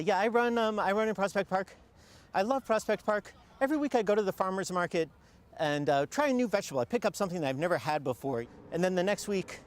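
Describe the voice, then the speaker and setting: Deadpan joking talk-show host, fairly high voice. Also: male voice, a little hiss or hum. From Texas. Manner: deadpan mock-authoritative joking, laughs at himself. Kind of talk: comedic talk-show hosting.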